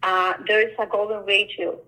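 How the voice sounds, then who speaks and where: A woman artist who works on murals, talking casually and telling stories in an animated way, often acting out the lines people said to her. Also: mid-range voice, normal speed, low-quality recording. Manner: animated storyteller, acts out quoted dialogue. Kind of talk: casual conversation.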